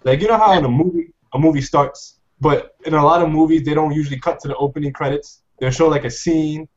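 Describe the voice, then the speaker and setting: A man explains his opinions in a laid-back, slangy way during a casual group chat. His voice is somewhat high. The sound is dull and lo-fi. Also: quick pace. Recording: lo-fi stream audio.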